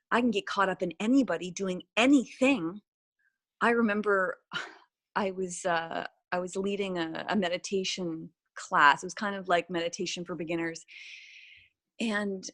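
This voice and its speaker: A woman talking as a podcast guest, animated and reflective, often restarting and trailing off mid-sentence. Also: fairly low pitch. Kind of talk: casual podcast conversation.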